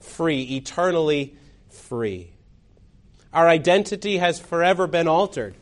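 A man preaches a sermon in a dramatic storytelling manner. His voice sits a little high for a man. He swings from strong, loud phrases down to near-whispered endings. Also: lively intonation, measured pace.

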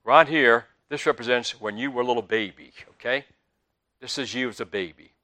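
Animated older Southern preacher. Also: male voice, mid-range voice, a little fast. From Southern United States. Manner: animated storytelling with big swings in loudness. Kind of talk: sermon.

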